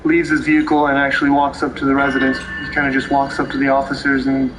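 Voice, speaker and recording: Matter-of-fact police officer over noise. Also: male voice, medium pitch, monotone, fast. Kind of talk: documentary interview.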